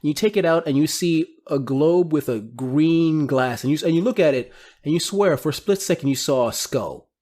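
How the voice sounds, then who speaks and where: A man narrating a tabletop game as game master, describing scenes with quick asides. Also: fairly high pitch, darkish tone.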